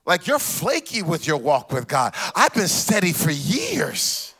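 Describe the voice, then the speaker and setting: High, bright-voiced preacher man. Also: huge pitch swings, unhurried, husky. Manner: repeats questions rhythmically, humorous asides. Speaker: pastor. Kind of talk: sermon.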